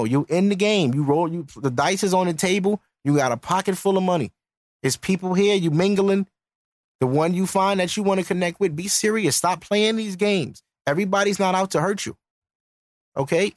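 A man's voice: sits high, no room sound, studio quality. A man hosting a podcast, giving a blunt, profane, lecturing rant in a casual style. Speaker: podcast host.

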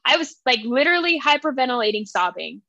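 A young woman chatting on a book podcast, emotional and gushing, her retellings full of fillers. Her voice is bright and forceful and sits fairly high. The recording is dry and a little dull. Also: very animated, fast, dry recording. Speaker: podcast co-host. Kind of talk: casual book chat.

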